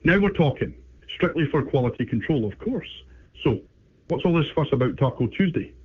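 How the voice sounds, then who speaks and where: A man's voice: on the high side, expressive, fairly quick, husky. AI man voicing a cheeky British bulldog on the phone. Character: cheeky male British bulldog, chatty old-timer. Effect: phone line. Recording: tinny phone line.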